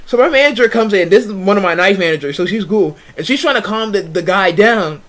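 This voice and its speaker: A young man streamer telling a story in a casual, animated way, full of slang and restarts. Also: high voice, fast talker, hardly any pauses.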